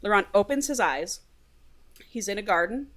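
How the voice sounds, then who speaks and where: A woman with a middle-pitched voice hosting a comedy podcast. She retells and reads a story aloud with animated energy. Her reading often tips into laughter. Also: normal speed.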